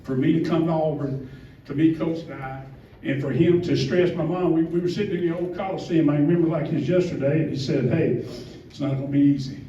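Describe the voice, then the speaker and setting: A middle-aged man from Georgia, his voice a little high with a steady tone and dark quality, moves fairly quickly through a rambling acceptance speech at an event. He's heartfelt and self-deprecating, getting emotional, heard through a distant, roomy, muffled mic with slight background noise.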